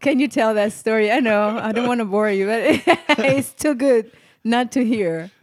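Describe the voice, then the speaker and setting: Soft-spoken woman hosting, dry close sound. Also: a little high, moderate pace, no room sound. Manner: soft-spoken, stammers, exclaims in praise. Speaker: host. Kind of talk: casual faith interview.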